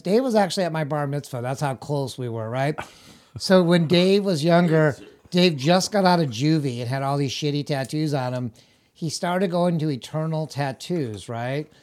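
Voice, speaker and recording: As a guest in a casual storytelling chat, a middle-aged man rambles through anecdotes, laughing and performing the voices of the people he quotes. His voice is fairly high-pitched and a little mellow.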